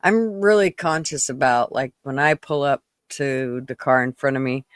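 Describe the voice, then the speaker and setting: A man's voice: mid-range voice, normal speed, fairly bright tone, clean tone, no echo, clean studio sound. A man co-hosting a casual podcast, talking thoughtfully and often chiming in with short agreement. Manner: thoughtful, agreeable, frequent back-channel replies. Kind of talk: casual chat.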